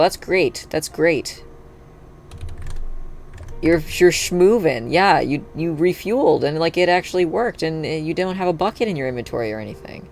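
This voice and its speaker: Gravelly-voiced streamer thinking aloud. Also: mid-range voice, normal speed. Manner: thinks aloud, chatty, bursts into excited cheering. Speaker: live streamer. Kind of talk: casual live-stream chat while playing. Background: faint background music and keyboard typing.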